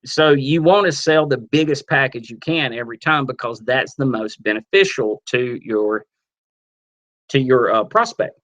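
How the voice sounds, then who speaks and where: A man's voice: mid-range voice, moderate pace, dull audio. Upbeat man coaching a sales webinar. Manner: casual, energetic, acts out sales dialogues. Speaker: network marketing trainer. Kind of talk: webinar teaching. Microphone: computer mic on a webinar.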